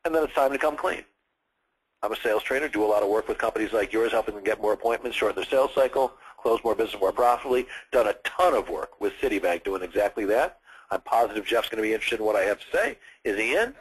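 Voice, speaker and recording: Man, sixties, husky, sales trainer, energetic, role-plays firm phone calls. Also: lowish voice, fast talker, low-quality recording. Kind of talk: live sales training seminar.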